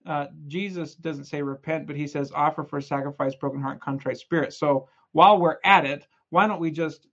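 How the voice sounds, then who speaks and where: A young man giving a casual, energetic scripture lesson, retelling stories in a chatty, playful way. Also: on the high side, moderate pace, hardly any pauses, dull audio. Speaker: scripture study presenter.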